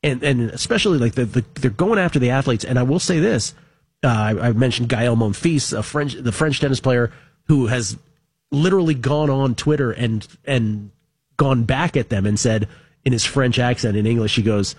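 Slightly husky man on sports radio. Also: mid-range voice, moderate pace, no room sound. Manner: animated, repeats words when starting sentences. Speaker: co-host. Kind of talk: casual sports talk. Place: radio studio.

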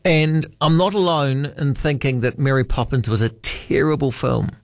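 A New Zealand-accented man hosts late-night talkback radio from a studio, chatting loosely and reading out texts from listeners on a studio mic. He has a medium-pitched voice at a moderate pace, with no echo.

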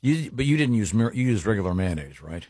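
A man's voice: lowish voice, sing-song, fairly quick, darkish tone, breathy edge, no room sound. A man co-hosting a radio show, reading listener mail with wry, dry asides. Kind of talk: casual radio banter. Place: radio studio. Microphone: studio mic.

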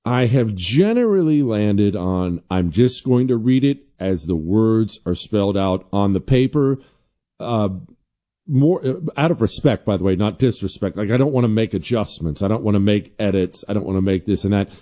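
Animated man hosting political commentary. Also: on the low side, moderate pace. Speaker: host.

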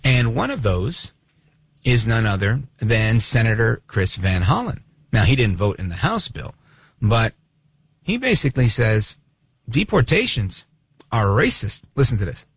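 A man hosting a talk radio show, giving sarcastic, animated commentary. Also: lowish voice, a little slow, husky, no room sound. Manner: sarcastic, animated, acts out voices of others.

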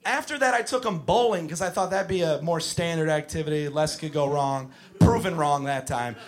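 A man doing stand-up, telling stories in an exasperated tone that breaks into shouted bits. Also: a little high, normal speed. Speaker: stand-up comedian, camp counselor. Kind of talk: stand-up comedy. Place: comedy club stage. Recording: live club set with crowd laughter. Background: audience laughing.

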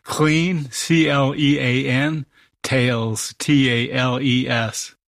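A man's voice: medium pitch, steady tone, slow, creaky, fairly bright tone, no room sound, studio quality. A man running a radio word puzzle as puzzle master, spelling out words letter by letter and encouraging the player.

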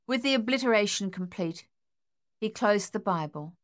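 A woman of medium pitch delivers scripted audiobook narration in a calm, steady storytelling style.

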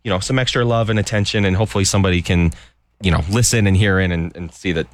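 A man's voice: deep voice, steady tone, quick pace, dry recording. A man from an animal shelter chatting on a radio show, upbeat and chatty, laughing often. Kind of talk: casual radio chat.

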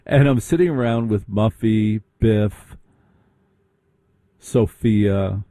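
Dark-voiced man telling a sarcastic story. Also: lowish voice, slow, no echo. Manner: sarcastic, animated, mocking. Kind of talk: comic storytelling.

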